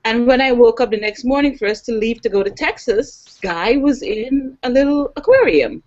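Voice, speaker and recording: A woman guest on a panel, telling a story in a casual, animated way. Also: fairly high pitch, moderate pace. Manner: animated, acts out quoted voices. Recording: dull online video call audio.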